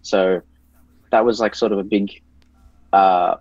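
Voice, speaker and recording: Low-voiced and fairly even in intonation, a YouTube reviewer talks at a measured pace as a podcast guest, his darkish tone captured in a dry, dull, slightly lo-fi recording. He's laid-back and casual, hedging constantly with "like."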